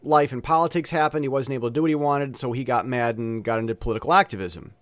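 A man's voice: mid-range voice, fast, a bit bright, no room sound. A man talking alone in a rambling casual monologue, full of restarts and stammers.

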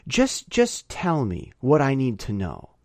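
A man voicing a calm, menacing male movie assassin in a soft, low, soothing hush. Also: takes it slowly, no room sound, clean studio sound, exaggerated voice. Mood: hushed menace.

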